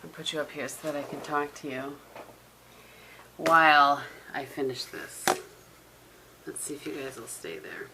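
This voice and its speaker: A woman's voice: deep voice, fairly even intonation, a little slow, pauses often, very noisy. A middle-aged woman chatting casually to her camera at home, rambling through stories and laughing often. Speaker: vlogger. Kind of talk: casual vlog chat to camera. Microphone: camera propped on a tissue box.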